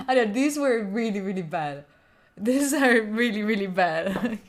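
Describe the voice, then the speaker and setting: With a medium-pitched, animated voice and an unhurried pace, an Italian woman hosts a study stream. She chats playfully with her audience, frequently laughing and cursing, in a relaxed live-stream style.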